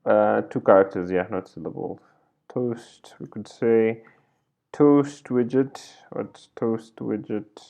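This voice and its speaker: A man's voice: on the low side, slow pace, creaky, dark tone, lo-fi sound. A man teaching a coding screencast, thinking aloud as he types and often adding "right?" and "like this". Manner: thinks aloud while typing, frequent "right?" and "like this". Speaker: coding tutorial instructor. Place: at a computer, indoors.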